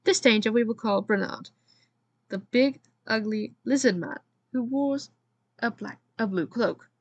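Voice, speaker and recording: A woman's voice: a little high, unhurried, slightly rough, no room sound, dull audio. A woman gaming host reading a storybook aloud, with playful, dramatic storytelling and joking asides to the listener.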